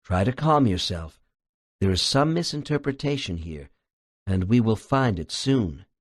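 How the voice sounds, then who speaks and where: A man voices a patient hypnotherapist who asks steady, reassuring questions in a calm tone. The pitch moves in a lively way even when he is soothing. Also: unhurried.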